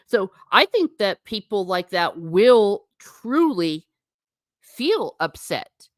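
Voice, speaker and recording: A chatty woman hosting a livestream, speaking casually and reading out viewer comments as she goes. She talks emphatically and repeats herself for effect, at an ordinary middle pitch. The sound is dry and close, with no room echo. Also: very animated, slow pace. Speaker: livestream host.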